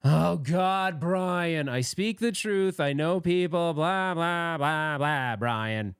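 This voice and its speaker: A man's voice: fairly high pitch, slow pace, clean tone, no room sound, clean studio sound. A man hosting a casual livestream, chatting and reading out viewer comments in a rambling, self-deprecating way, often laughing. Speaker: livestream host.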